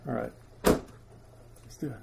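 Jovial preacher man with a mellow voice. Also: slow, slight background noise, rough recording. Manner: jovial, directing volunteers with asides. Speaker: preacher directing a scripture skit. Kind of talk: sermon reading scripture aloud.

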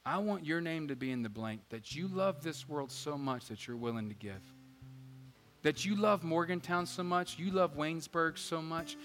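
A man preaching a sermon as pastor, energetic and joking, swinging between loud emphasis and quiet asides. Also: on the high side, moderate pace. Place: church sanctuary. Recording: church hall reverb with faint guitar.

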